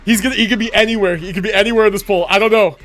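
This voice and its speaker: A young man streaming a game, talking casually and excitedly, often laughing and swearing. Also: high voice, very fast, soft background music. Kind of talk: casual livestream commentary.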